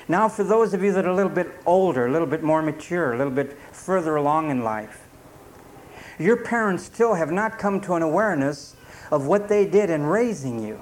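Folksy preacher man, slightly high voice. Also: slight background noise. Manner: reads scripture slowly then explains in plain folksy talk. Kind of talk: sermon.

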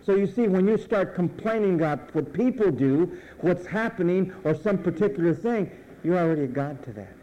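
A man's voice: sits high, animated, moderate pace, dark tone, dull audio, slight background noise. A male pastor preaching a sermon emphatically, drawing out phrase endings and letting them fall.

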